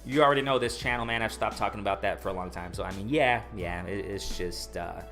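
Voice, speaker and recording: A man's voice: lowish voice, fast talker, a bit bright, soft background music. Rambling man hosting a boxing live stream. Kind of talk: casual live-stream chat, reading viewer comments.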